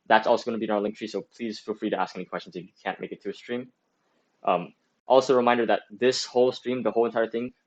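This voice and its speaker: A young man in his late teens hosts a student stream, talking loosely and answering chat as he goes. His voice sits on the low side and keeps looping through fillers and self-corrections. The sound is dull and lo-fi, like a cheap streaming mic. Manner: rambling, full of "like" and restarts. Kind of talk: casual livestream talk giving advice.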